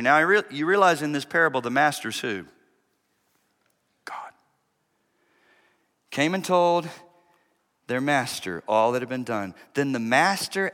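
A man preaching a sermon as pastor, swinging from hushed, low asides to loud, shouted peaks. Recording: preached in a reverberant hall.

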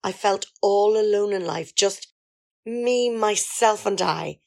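A woman's voice: mid-range voice, slow, creaky. A woman in an amateur radio comedy sketch, playing a grand diva singer who talks in a theatrical, self-important way.

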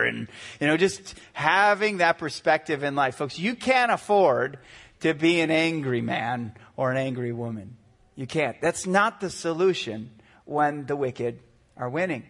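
A man in his forties, a pastor preaching a sermon, animated and acting out quotes in shifting voices. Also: a little high, unhurried. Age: 40s.

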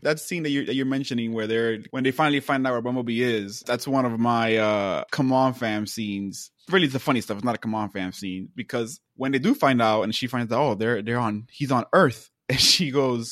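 Podcast co-host, man from the Dominican Republic, animated and laughing, dry close-mic sound. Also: mid-range voice, brisk, few pauses, no echo. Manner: laughs often, animated storytelling. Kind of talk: casual movie discussion podcast.

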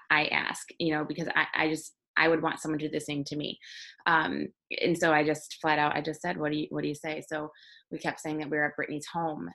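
Low-voiced woman host, earnest. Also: pushed and bright. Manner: earnest, reflective. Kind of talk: conversational interview.

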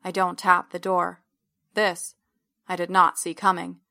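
Female audiobook narrator, bright tone, flat delivery, measured first-person storytelling. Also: fairly low pitch, gravelly.

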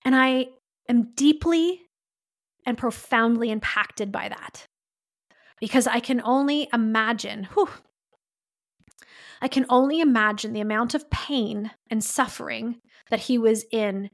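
A woman's voice: a little high, a little slow, creaky. A woman hosting a podcast, telling a story in an earnest, heartfelt way. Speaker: podcast host. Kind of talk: solo podcast monologue.

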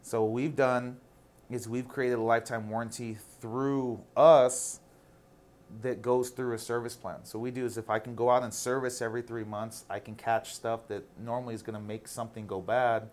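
A man's voice: medium pitch, flat delivery, normal speed. A man in his thirties, a guest on a casual interview, telling stories candidly and animatedly, with some casual swearing.

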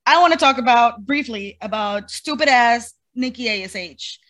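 A woman's voice: fairly high pitch, moderate pace, a bit bright. A woman co-hosting a podcast, recapping events in casual chat with frequent swearing. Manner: profane, storytelling recap. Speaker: podcast co-host.

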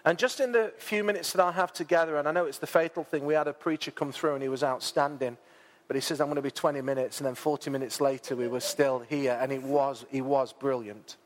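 A man preaching a sermon, chatty and informal, who rises to loud, dramatic peaks when he reads scripture aloud. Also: medium pitch, fairly even intonation, fast. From England. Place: church hall. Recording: long church hall reverb.

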